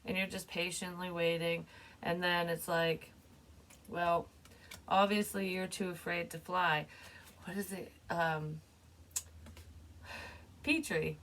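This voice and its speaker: A woman's voice: fairly low pitch, little pitch movement, takes it slowly, pauses often, a bit bright. A woman giving a casual spoken psychic reading, chatty and loose, laughing often and swearing now and then. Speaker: psychic reader.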